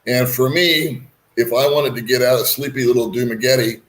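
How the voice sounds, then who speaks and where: A man hosting a relaxed conversation, rambling along in a frank, folksy way. His voice sits at a middling pitch, and his talk is full of asides and restarts. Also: normal speed. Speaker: host. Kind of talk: casual chat.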